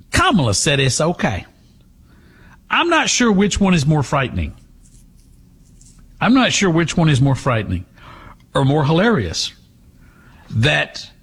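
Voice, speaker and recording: Guy doing talk radio, sarcastic rant, lively swooping voice. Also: a little high, breathy edge. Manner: sarcastic, mocking, puts on voices.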